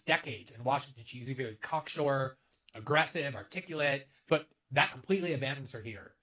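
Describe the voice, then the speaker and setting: A man's voice: fairly high pitch, a bit bright. A man delivering an emphatic, sharply critical political commentary to camera. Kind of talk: scripted commentary video.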